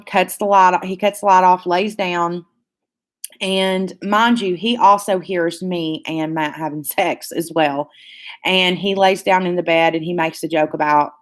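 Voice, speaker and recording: A young woman hosting her own channel, telling a story in casual, profane chat, full of "like"s. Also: fairly low pitch. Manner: profane, animated storytelling with many "like"s. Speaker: channel host.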